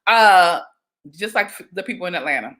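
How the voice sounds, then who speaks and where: A young woman from Georgia, chatting casually on a livestream, animated and talkative. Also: fairly low pitch, normal speed. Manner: chatty, animated, breaks into sung exclamations. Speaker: livestream host.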